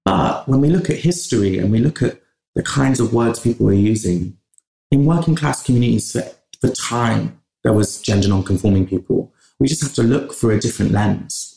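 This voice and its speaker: Appearing as a podcast guest from England, a man talks with passion in long stretches, often restarting, in a conversational interview. His low-leaning voice is gravelly and warm at normal speed, with roomy echo on the recording.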